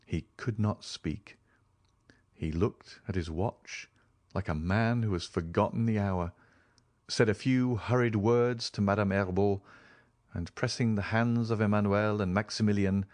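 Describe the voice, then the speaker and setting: A man narrating a classic novel as an audiobook, reading in an expressive, measured literary style. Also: on the low side, no room sound. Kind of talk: scripted narration.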